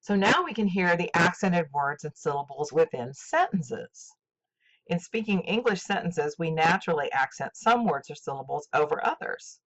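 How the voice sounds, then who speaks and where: An older woman teaching a scripted literature lesson, speaking slowly and deliberately with clear enunciation. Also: on the low side, very animated, fairly bright tone. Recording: dull lo-fi recording.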